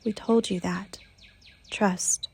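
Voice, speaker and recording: A woman voicing a group of calm, reassuring spirit beings in a soothing, measured way. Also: mid-range voice, creaky, slightly rough, full character voice.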